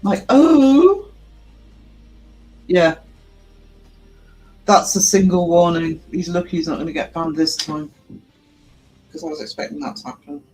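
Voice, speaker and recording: A man's voice: on the high side, a little slow, pauses often, a little mellow, faint music behind, poor audio. A man hosting a livestream, chatting casually with viewers and laughing often. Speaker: livestream host. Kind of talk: casual livestream chat reading comments.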